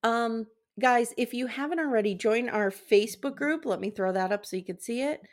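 A woman's voice: fairly high pitch, normal speed. A woman co-hosting a casual podcast, reading research notes aloud and stumbling over words now and then. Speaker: podcast co-host.

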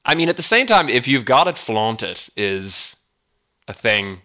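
A man's voice: mid-range voice, big pitch swings, measured pace, sharp tone. A man with an Irish accent hosting a comedy podcast, rambling wryly with chuckling asides. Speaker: podcast host. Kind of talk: comedic solo monologue.

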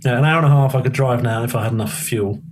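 A man's voice: mid-range voice, fast, crowd noise. A man with a Southern English accent and slight Liverpool traces, chatting casually as a guest and telling stories, swearing now and then. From England, born in Liverpool, raised in London. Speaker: guest musician. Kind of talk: casual conversation.

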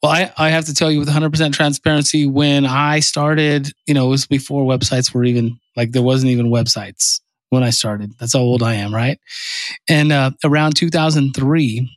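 A man hosting a podcast, telling stories in an animated, casual way. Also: mid-range voice, moderate pace, no echo. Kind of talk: casual chat.

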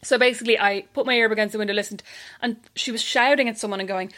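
A young Irish woman chatting casually, telling animated stories and mimicking other people's voices. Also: on the high side, fast. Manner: animated anecdotes, mimics voices, laughs often. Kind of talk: casual chat, storytelling.

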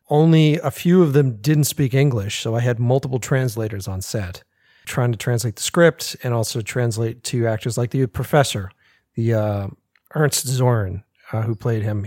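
American man, filmmaker, casual podcast chat, animated and profane, mid-pitched voice, dry close sound. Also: no echo. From United States. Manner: animated, swearing, laughs often. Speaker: filmmaker guest.

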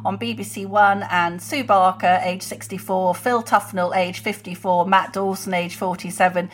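A woman's voice: medium pitch, steady tone, moderate pace. A woman in her sixties, co-hosting a political podcast and speaking in an indignant, opinionated way. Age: 60s. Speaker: co-host. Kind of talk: casual political podcast chat.

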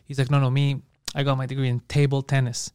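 A man co-hosting a podcast, telling stories in a profane, animated way. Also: medium pitch, fast talker, smooth, no room sound, studio quality. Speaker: podcast co-host. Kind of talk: casual comedic chat.

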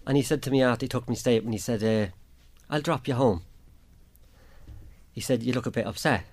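A man's voice: mid-range voice, a little fast, a little mellow. An Irish man giving a plain spoken account as an interview guest, acting out what others said to him. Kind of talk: personal account in a radio interview.

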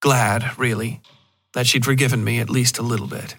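Male narrator, mid-pitched voice, steady measured horror story reading. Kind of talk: scripted narration.

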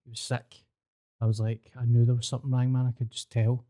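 A man's voice: mid-range voice, completely flat delivery, quick pace, dark tone. A Scottish man hosting a podcast, chatting casually and telling sweary stories. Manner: sweary, storytelling. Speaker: podcast host. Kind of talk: casual chat.

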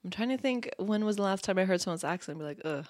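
A woman's voice: medium pitch, expressive, very fast, a little mellow, no room sound, clean studio sound. A woman guest on a casual podcast chat, laughing often and restarting her sentences as she tells stories. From United States.

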